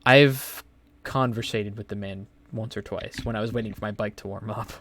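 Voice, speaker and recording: A man's voice: on the low side, steady tone, moderate pace, a bit bright, no room sound. A young man hosting a podcast, telling stories in a rambling, profane way full of fillers. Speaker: podcast host. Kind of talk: casual podcast chat.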